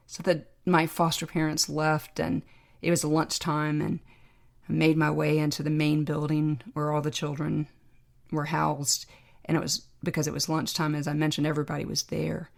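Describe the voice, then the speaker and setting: A woman, a podcast guest, telling a personal story in a reflective, heartfelt, measured way. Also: sits low, completely flat delivery, creaky, a little mellow.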